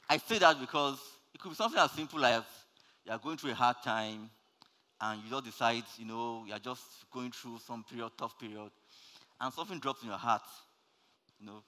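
A male preacher delivers a sermon with a bright, forceful tone of middle pitch. He swings from loud, rising calls to soft, low asides. His voice rings out with a long reverb, as in a large church hall. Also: lively intonation, moderate pace.

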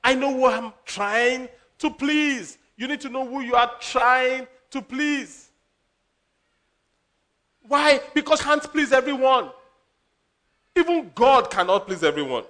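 Man, pastor, lively sermon, very high pitch, bright tone. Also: slow pace, pauses often. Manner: animated preaching with laughs and acted quotes.

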